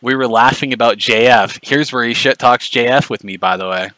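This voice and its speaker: A man's voice: medium pitch, fairly even intonation, brisk, sharp tone, dry recording, low-quality recording. A man ranting angrily on a livestream, profane, mocking and confrontational. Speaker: streamer. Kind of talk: angry livestream rant.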